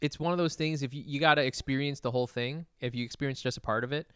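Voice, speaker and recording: A man's voice: mid-range voice, fairly even intonation, quick pace, fairly bright tone, clean tone, no room sound, clean studio sound. A man co-hosting a comedy podcast, joking casually, rambling through analogies and laughing often. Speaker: podcast co-host.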